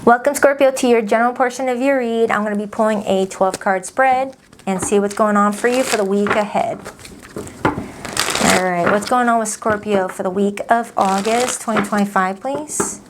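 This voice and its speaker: A woman's voice: mid-range voice, moderate pace, very noisy. Woman tarot reader, friendly and chatty, addressing viewers directly. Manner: chatty, upbeat, speaks straight to viewers. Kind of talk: casual tarot reading to camera.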